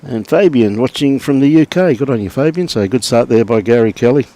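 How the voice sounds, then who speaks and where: This is a middle-aged Aussie man calling a lawn bowls match live in an easygoing, conversational way, saying hello to viewers by name. His mid-range voice moves along fairly quickly.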